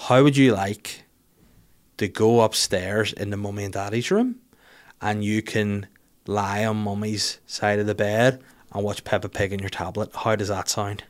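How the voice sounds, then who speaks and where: A man's voice: on the low side, measured pace. A man, telling funny self-deprecating stories about his life in casual, sweary talk. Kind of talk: casual storytelling monologue.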